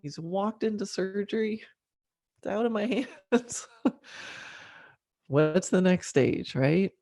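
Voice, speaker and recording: A middle-aged woman hosting a podcast, telling a personal story candidly and emotionally, with frequent fillers and soft laughs. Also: mid-range voice, lively intonation, slow pace, no room sound, studio quality. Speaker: podcast host.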